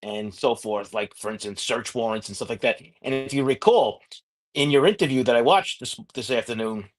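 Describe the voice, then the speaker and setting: A man's voice: medium pitch, normal speed. Plain-spoken former detective, a man. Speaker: former homicide investigator, podcast host. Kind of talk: casual podcast discussion.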